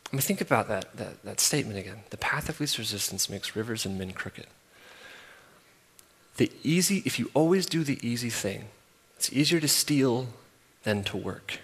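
A man in his thirties preaching a sermon, emphatic and repetitive, swinging from loud to soft. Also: medium pitch. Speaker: pastor. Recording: long hall reverb.

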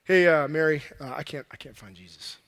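A man voicing an anxious, worn-out husband who mumbles sheepishly in a low voice. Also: big pitch swings, fast talker, sharp tone, full character voice. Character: anxious, worn-out husband afraid of his wife. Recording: long echoey hall reverb.

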